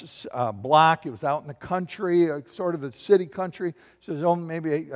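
A middle-aged man delivers a sermon with storytelling flair, his voice sitting a little high for a man. He swings between booming emphasis and hushed, confiding asides. Long reverb from the hall trails after every phrase. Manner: animated, shifts from loud bursts to hushed asides. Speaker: pastor.

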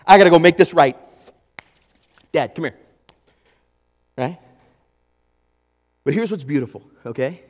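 A man preaching a sermon in an animated way, acting out quotes and talking straight to his audience. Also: fairly high pitch, measured pace, pauses often, in a large hall. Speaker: pastor.

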